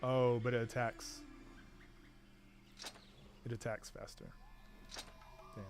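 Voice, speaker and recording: A man's voice: medium pitch, flat delivery, takes it slowly, soft background music. A man chatting casually while streaming a video game, rambling and self-deprecating. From Australia. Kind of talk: casual gaming stream chat.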